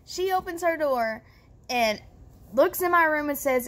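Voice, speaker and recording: A young woman vlogger telling a story casually, animated and profane, addressing viewers directly. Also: very high-pitched, a little slow.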